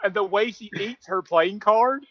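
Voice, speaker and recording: A man in a casual movie review chat, animated and amused. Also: high-pitched, unhurried. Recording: dull lo-fi recording.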